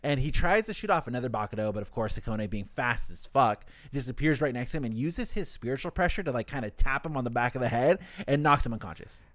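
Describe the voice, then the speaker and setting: Man, podcast co-host, lively swinging pitch, dry close mic, casual recap, acts out lines. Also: dry recording. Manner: animated, acts out characters in quick voices, swears casually.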